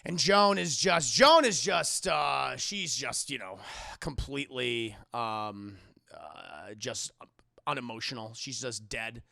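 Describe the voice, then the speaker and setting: A man's voice: mid-range voice, animated, takes it slowly, vocal fry, pushed and bright, dry recording, studio quality. A man casually recapping a film's plot as a reviewer, rambling and crude, laughing often. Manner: rambling, crude, laughs a lot, acts out lines. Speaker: movie reviewer.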